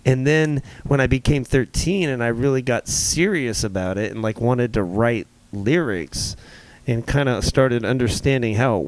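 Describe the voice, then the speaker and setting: A young man co-hosting a podcast, talking casually and at length, full of "like" fillers and swearing. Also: medium pitch. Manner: rambling, heavy on "like", swears. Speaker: podcast co-host, rapper. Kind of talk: casual chat.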